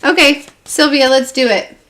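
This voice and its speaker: A woman's voice: sits high, steady tone, normal speed, a bit bright. Chatty woman giving a tarot reading. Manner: chatty, laughs often, lots of fillers. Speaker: tarot reader. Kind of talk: casual livestream tarot reading.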